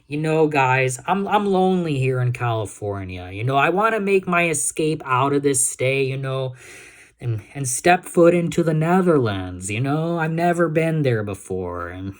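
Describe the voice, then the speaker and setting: A man's voice: medium pitch, very animated, normal speed. A young man from Texas, without a Texas accent, talking casually to his viewers in a vlog. He stumbles and repeats words often, restarts his sentences, and keeps checking in with "you know, guys?". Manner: keeps asking "you know what I'm saying, guys?". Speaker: YouTube vlogger.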